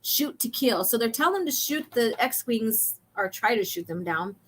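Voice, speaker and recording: Chatty woman host, slightly high voice. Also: animated, normal speed, a bit bright, slight background noise. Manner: chatty, reads comic lines aloud with many ums. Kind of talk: casual chat walking through comic pages.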